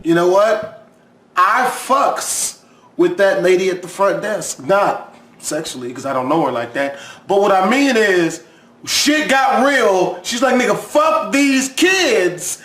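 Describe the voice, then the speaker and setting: A man hosting a reaction video, riffing with profane comedic commentary and sudden loud outbursts. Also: sits high, very animated, unhurried, roomy sound. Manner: crude, loud outbursts, mock voices of others.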